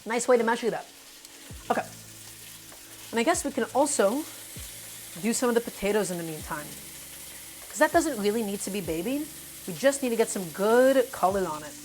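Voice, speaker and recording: A woman's voice: on the high side, lively intonation, moderate pace, pauses often. A woman hosting a casual cooking live stream, talking through each step and greeting her viewers by name. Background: faint music and sizzling pan.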